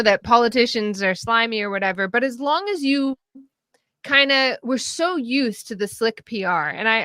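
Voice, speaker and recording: Podcast guest, female, animated and chatty, breaks into laughter, restarts her sentences, dry close mic. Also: on the high side, no echo. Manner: animated, laughing often, many restarts and fillers. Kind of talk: casual political discussion.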